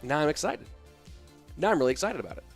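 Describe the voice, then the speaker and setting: A man's voice: a little high, very animated, quick pace, soft background music. A tired man in his thirties casting an esports match on a live stream, chatting casually and reading viewer comments aloud between plays. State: sleepy. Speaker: esports caster.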